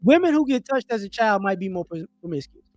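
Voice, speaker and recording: A man's voice: high voice, big pitch swings, quick pace, a little mellow, no echo, highs cut off, soft background music. A man ranting on a livestream, stressing his points, repeating words, and now and then slipping into mocking voices. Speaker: livestream commentator. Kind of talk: opinionated livestream rant. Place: home livestream setup.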